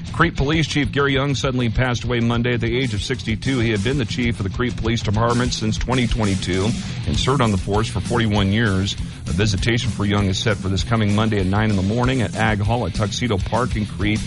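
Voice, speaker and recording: A male radio newscaster reads local headlines quickly in a low, steady voice. A music bed plays clearly beneath him. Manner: brisk, steady newsreading. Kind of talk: scripted news read.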